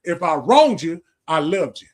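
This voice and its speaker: A man's voice: fairly high pitch, very animated, unhurried. A man, hosting a livestream and giving a casual, preachy monologue full of slang, profanity and repetition. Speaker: livestream host.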